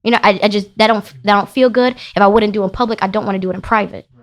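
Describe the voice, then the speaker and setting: A woman's voice: mid-range voice, racing. Emphatic woman telling a story. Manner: emphatic, animated, rising into heated retelling. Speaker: podcast guest, business founder. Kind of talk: casual interview storytelling.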